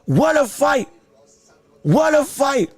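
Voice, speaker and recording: High-voiced, excitable man hosting fight commentary. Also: slow pace, no echo. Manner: excitable, repeats himself, bursts into shouts; greets viewers from the live chat. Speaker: podcast host reacting to a boxing decision on a livestream. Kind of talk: live fight commentary and chat.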